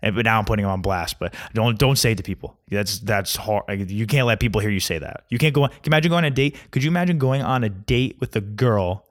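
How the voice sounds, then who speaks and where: A man's voice: on the low side, quick pace, few pauses. A young man ranting in a casual comedic monologue, grumpy and mocking. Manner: grumpy, ranting, mocks mispronunciations.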